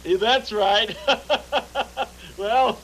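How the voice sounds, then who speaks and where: A man's voice: very high-pitched, drawn-out words, fairly bright tone, a little hiss or hum, exaggerated voice, rough recording. A man voicing a fussy, flustered male bunny in a 1970s TV puppet show, stammering and polite.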